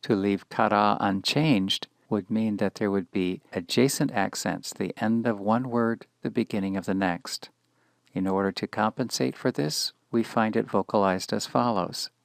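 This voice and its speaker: A man narrates a scripted language lesson at an unhurried, deliberate pace. His voice sits low with a gravelly edge. The sound is dry and close, with no room around it. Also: no echo. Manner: measured, slow and careful, pronouncing example words deliberately. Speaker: language teacher.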